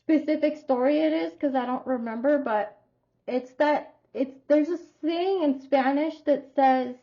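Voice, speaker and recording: A woman's voice: high-pitched, a little slow, dull audio. A woman giving a casual tarot reading to her viewers, talking in a chatty, rambling way and telling stories expressively. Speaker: tarot reader.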